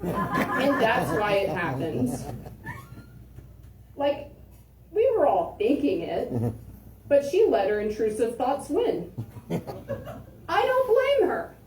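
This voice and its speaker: A woman's voice: a little high, very animated, slow pace, long pauses, a little mellow, a faint crowd. A woman doing a chatty stand-up set with lots of fillers, recorded from a distance in an echoey room. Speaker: stand-up comedian.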